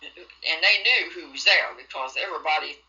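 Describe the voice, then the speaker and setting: A woman's voice: sits low, moderate pace, bright, forceful tone, dull audio. An older woman from West Virginia, telling rambling folksy stories from her youth in an oral history interview. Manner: rambling folksy storytelling, dialect grammar.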